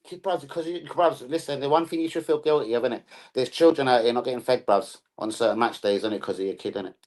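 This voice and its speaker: A man's voice: medium pitch, quick pace, a little mellow. A young man hosting a football live stream, talking in rowdy, profane slang-heavy banter.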